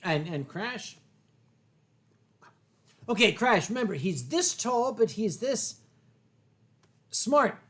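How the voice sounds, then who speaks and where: A man's voice: high voice, big pitch swings, slow, pauses often, fairly bright tone. Rambling, swearing host man. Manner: rambling, swearing, many fillers and restarts. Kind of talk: casual drunken chat.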